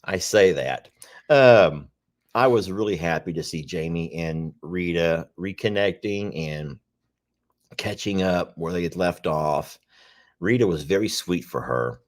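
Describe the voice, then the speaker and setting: A man co-hosting a casual chat, rambling and repeating himself, with sudden high exclamations. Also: unhurried. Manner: rambling, repeats phrases, jumps up in pitch when exclaiming. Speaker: co-host of a horse sanctuary livestream.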